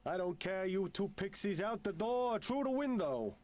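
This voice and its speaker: Pompous Victorian gentleman, lively and bossy, played by a man. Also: high-pitched, normal speed, a little hiss or hum. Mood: haughty. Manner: haughty, bossy, theatrical.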